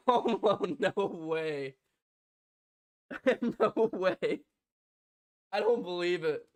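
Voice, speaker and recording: A man doing live fan play-by-play on a stream. He swings from loud, shouted excitement to soft, stunned murmuring, with frequent laughter. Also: sits high, extremely slow, pauses often. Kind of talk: live fan reaction commentary.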